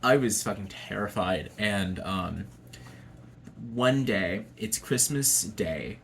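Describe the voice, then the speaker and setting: A man's voice: on the low side, takes it slowly, vocal fry, fairly bright tone, slight background noise. A young adult man telling a personal story to camera in a casual, chatty way, swearing freely and laughing often. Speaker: vlogger.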